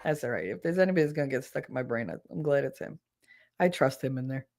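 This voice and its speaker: A woman hosting a podcast in casual solo chat, animated, laughing often and swearing freely. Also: rumbling low, quick pace. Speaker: podcast host.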